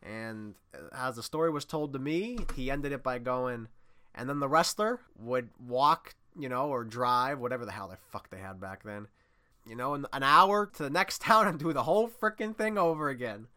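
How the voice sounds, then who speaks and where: Bright-voiced rambling male storyteller. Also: moderate pace. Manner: rambling storyteller, swings from low mutter to loud excited bursts. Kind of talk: casual monologue.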